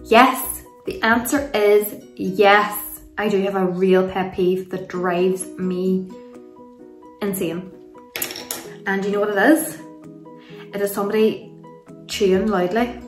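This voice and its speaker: A woman's voice: mid-range voice, fairly even intonation, slow, long pauses. An Irish woman in her young adult years talks through her makeup routine at home, chatty and gushing, laughing often. She sits a little away from the mic, so her voice carries a roomy echo. Faint music plays underneath. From Ireland. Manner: chatty and rambling, gushing over products with frequent laughs. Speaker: beauty vlogger. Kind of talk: casual makeup tutorial and Q&A chat. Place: home room, kids nearby. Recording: roomy sound from a distance.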